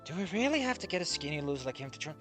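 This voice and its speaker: A streamer voicing a mean young bully in a game, sneering and quick. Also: medium pitch, big pitch swings, a bit bright, soft background music, voice pushed down. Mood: contemptuous.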